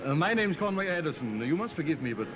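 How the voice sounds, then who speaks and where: A courteous older gentleman barrister. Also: on the high side, sing-song, fast, poor audio. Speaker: barrister Conway Addison. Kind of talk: 1930s film acting. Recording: old film soundtrack with music.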